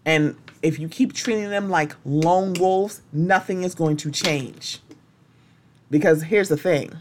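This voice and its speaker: A woman speaks alone on her podcast in a slightly low voice. She is impassioned and blunt, and she swears freely. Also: slow, darkish tone, slight background noise. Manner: impassioned and blunt, with strong language. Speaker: podcast host. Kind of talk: solo podcast monologue.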